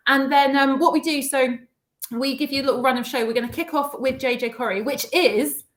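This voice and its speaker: A woman's voice: high-pitched, fairly even intonation, fairly quick. A woman co-hosting a live whiskey tasting in casual chat, enthusiastic and given to repeating her phrases.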